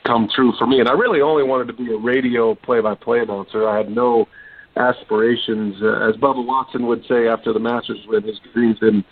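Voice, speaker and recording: A man in his forties from Texas, a sports broadcaster telling his story in a relaxed interview with lots of ums and restarts. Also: mid-range voice, brisk, slightly rough, dry recording. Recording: dry, tinny phone-line sound.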